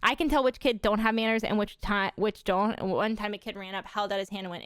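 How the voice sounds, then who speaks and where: A young adult woman livestreaming, chatting casually with viewers in animated stories full of swearing and laughter. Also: medium pitch, brisk, few pauses, clean tone, dry recording, clean studio sound.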